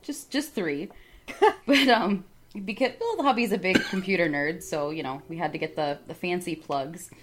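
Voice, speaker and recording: A woman chats easily as a regular on a podcast, quick to laugh. Her voice sits on the low side. A faint hiss lies under the recording. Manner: laughing, easygoing. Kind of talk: casual podcast chat.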